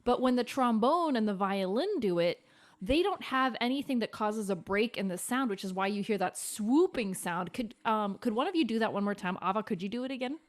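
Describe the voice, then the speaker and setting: A woman's voice: on the high side, expressive, a little fast. A woman hosting a children's music stream, upbeat and patient as she explains and sings out the notes. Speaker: host and cellist.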